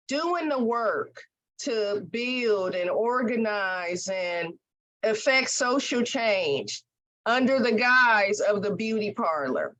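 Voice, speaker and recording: A woman's voice: on the high side, fairly bright tone. A woman hosting a podcast interview, speaking in an emphatic, folksy, heartfelt way. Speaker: podcast host. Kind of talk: conversational interview.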